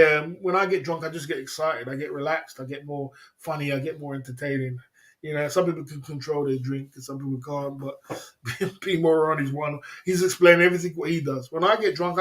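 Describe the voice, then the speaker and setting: A man's voice: on the high side, normal speed, fairly bright tone. A man hosting a livestream, telling rambling stories between laughs in casual chat. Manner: reads viewer comments aloud. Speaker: livestream host.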